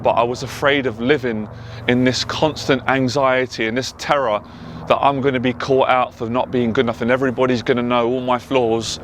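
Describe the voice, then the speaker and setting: A man from England with a London accent speaks as a motivational speaker. He tells his own story earnestly and emotionally, hammering home his points with repeated phrases. His voice sits at a middling pitch. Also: a little hiss or hum. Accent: London English. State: tearful at times. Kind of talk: personal testimony monologue.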